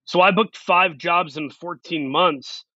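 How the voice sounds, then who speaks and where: A man's voice: sits high, slow, pushed and bright, no echo, highs cut off. A man, an actor guest, telling long self-deprecating stories in a casual interview. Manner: rambling, self-deprecating anecdotes.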